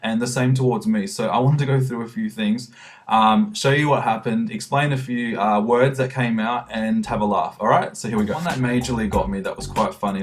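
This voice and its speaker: A young man with an Australian accent, chatting casually to camera about his travels and laughing at his own stories. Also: fairly low pitch. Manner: chatty, laughing, acts out quotes. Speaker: vlogger.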